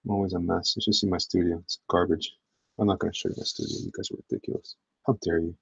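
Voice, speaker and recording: A man's voice: low voice, little pitch movement, very fast, gravelly, breathy edge, dry recording. A man who draws commissions, talking casually to viewers while he works, humming and joking to himself. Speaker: artist drawing commissions. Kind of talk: casual drawing stream talk. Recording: dull lo-fi mic.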